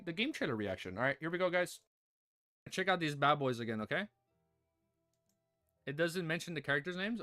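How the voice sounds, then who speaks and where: A man hosting a livestream reaction, chatting excitedly with viewers and his puppy. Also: on the high side. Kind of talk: casual livestream reaction chat.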